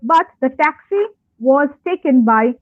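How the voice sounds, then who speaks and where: Brief: woman lecturer, high voice, tinny phone-line webinar audio. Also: animated, measured pace, dry recording. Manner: conversational, many fillers and repeated phrases. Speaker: college English lecturer. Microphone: online call audio.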